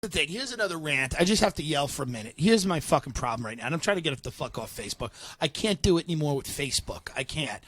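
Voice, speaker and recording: A man in his thirties hosting a comedy podcast, ranting loudly and profanely. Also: on the high side, expressive, fast talker, few pauses. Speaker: podcast host.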